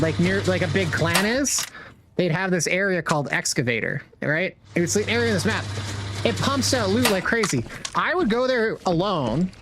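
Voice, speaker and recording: Foul-mouthed young man rambling, noisy stream audio. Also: high voice. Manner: rambling, heavy swearing, slangy. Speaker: game streamer. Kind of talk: casual chat while gaming.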